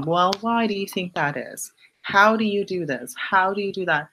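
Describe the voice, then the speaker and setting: A woman's voice: normal speed, bright, forceful tone, slight background noise. A woman hosting a casual motivational live stream, answering viewer questions bluntly and swearing for emphasis. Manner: jumps up in pitch on punchy repeated lines.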